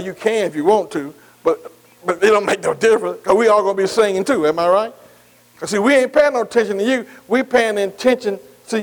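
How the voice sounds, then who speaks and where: High-voiced preacher man in a reverberant hall. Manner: call-and-response questioning, repeating words; informal vernacular grammar. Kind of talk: sermon.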